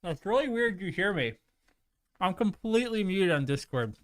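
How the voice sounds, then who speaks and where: A high-pitched man with big pitch swings and a slightly bright tone talks at a moderate pace with no echo. As a livestream host he chats casually and apologetically with viewers, now and then mid-chew.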